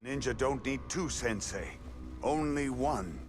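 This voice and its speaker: A man's voice: mid-range voice, a little slow, natural voice. A man voicing a grave, weary sorcerer father. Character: weary older male sorcerer, a reformed father. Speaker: cartoon character. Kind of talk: animated series dialogue. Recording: music faintly under the dialogue.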